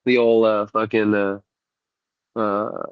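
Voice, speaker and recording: A man's voice: lowish voice, little pitch movement, slow pace, lo-fi sound. A man who is sick, co-hosting a podcast and telling profane, laid-back stories in casual chat. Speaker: podcast co-host.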